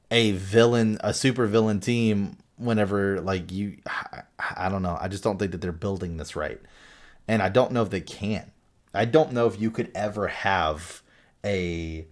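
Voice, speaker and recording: A man with a fairly low voice talks through a movie review in a loose, unscripted way. He rambles, swears casually and leans on fillers as he goes. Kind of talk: casual spoken film review.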